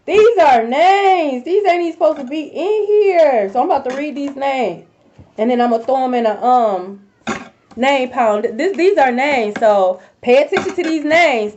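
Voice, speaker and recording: A woman's voice: sits high, slight background noise. A young woman doing a live-stream tarot reading, talking bluntly and confrontationally with a lot of cursing. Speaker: tarot reader. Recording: dull lo-fi stream audio.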